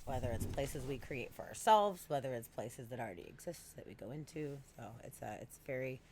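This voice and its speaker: Woman host, low voice, excitable, swears casually, faint hiss behind. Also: brisk. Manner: enthusiastic, reacts with swearing. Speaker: podcast host. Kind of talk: casual chat.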